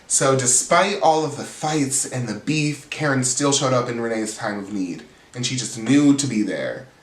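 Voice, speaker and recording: A man's voice: mid-range voice, animated, normal speed, slight background noise. A man hosting his channel, recapping a reality show in a chatty, gossipy way full of "like.". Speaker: reality TV reviewer, channel host. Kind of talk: casual recap chat. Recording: roomy sound, distant mic.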